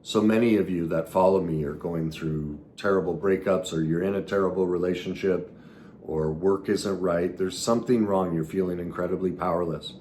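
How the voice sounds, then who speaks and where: A man hosting a podcast as a trauma recovery coach, talking earnestly in a coaching manner, with sudden emphatic bursts and quiet drops. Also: low-pitched, normal speed, slight background noise. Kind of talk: solo podcast teaching talk.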